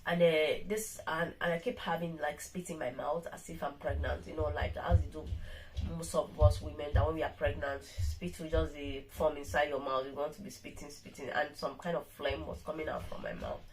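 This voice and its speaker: A woman's voice: sits low, lively intonation, moderate pace, a little hiss or hum, poor audio. A middle-aged woman talking casually to her viewers while weak and tired from illness, rambling and restarting her sentences often. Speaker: vlogger. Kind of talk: casual vlog monologue.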